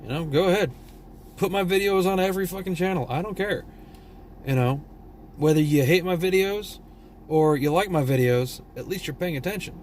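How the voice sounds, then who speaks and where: A man's voice: high voice, moderate pace, a little mellow, slight background noise. A tired man from Texas with a Southern drawl, vlogging a blunt, profane, rambling rant. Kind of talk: casual opinion rant.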